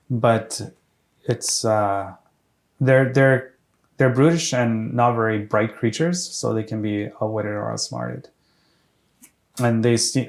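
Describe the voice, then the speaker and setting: Hoarse male game master, halting delivery. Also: medium pitch, darkish tone. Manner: halting, full of restarts and fillers. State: losing his voice, clearing his throat. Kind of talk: running a tabletop game session.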